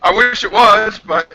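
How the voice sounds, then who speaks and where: A man's voice: high voice, background noise. A man with a New Brunswick accent hosting a casual livestream chat, chatty and full of fillers. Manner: chatty, laughs often, many fillers. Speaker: channel host. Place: home.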